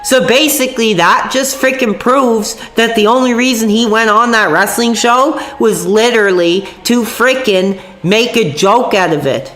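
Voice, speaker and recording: A woman's voice: on the high side, a little slow, hardly any pauses, a bit bright, slight background noise. Sick, angry woman streamer ranting. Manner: angry, profane, rambling. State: sick, sore voice. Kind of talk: livestream rant to chat. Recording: echoey room with faint music.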